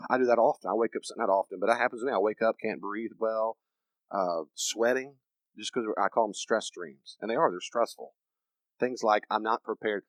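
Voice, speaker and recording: A man delivers a teaching lecture with a preacher's emphasis, often acting out the people he quotes. His pitch rises and falls in wide, animated swings. The sound is dry and close, with no room echo. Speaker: counselor and preacher.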